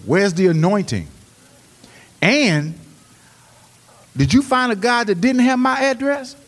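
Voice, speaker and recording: A man preaching a sermon. He swings between hushed, quick storytelling and loud, rising exhortation. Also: high-pitched, lively intonation, big-room sound. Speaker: pastor. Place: church.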